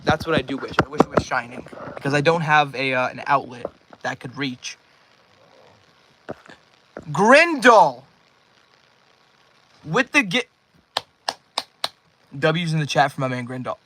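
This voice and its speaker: A man's voice: mid-range voice, lively intonation, normal speed, long pauses, background noise. A nineteen-year-old man livestreaming from his bedroom, rambling casually and thanking viewers by name as he reads out chat.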